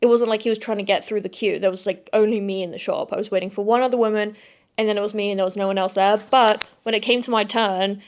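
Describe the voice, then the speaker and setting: A woman's voice: mid-range voice, steady tone, fast, a little hiss or hum. A young woman, hosting a casual solo podcast in a chatty, effusive way, repeating words for emphasis. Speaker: podcast host.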